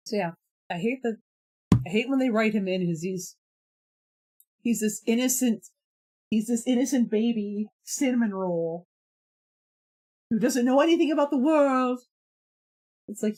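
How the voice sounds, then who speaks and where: A woman's voice: a little high, lively intonation, measured pace, long pauses, a little mellow. Giggly, rambling woman streamer. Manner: rambling, laughs often, many fillers. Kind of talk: casual live-stream chat.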